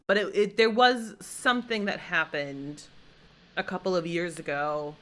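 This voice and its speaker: A woman hosting a podcast, presenting a case in a relaxed chat with frequent ums. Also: lowish voice, a little slow. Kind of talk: casual chat.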